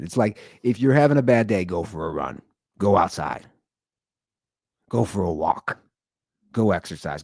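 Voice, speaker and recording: A man in his thirties hosting a casual solo podcast from home, talking in a rambling way that swings from loud bursts to low asides. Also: vocal fry, no echo, studio quality. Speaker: podcast host.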